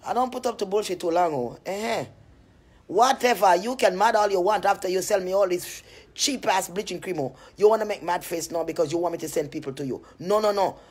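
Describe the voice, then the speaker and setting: Fresh out of bed at home, a cream seller talks casually on a phone live stream in a fairly low voice with a breathy edge, moving fairly quickly. She's chatty, laughs frequently and tells animated, rambling stories.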